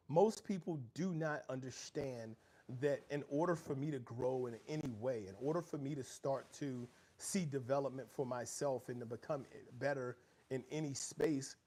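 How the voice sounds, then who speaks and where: With a higher, somewhat mellow voice that's slightly rough, a middle-aged man hosts a home livestream. He talks earnestly about growth and challenge in a preachy way and reads out viewer chat.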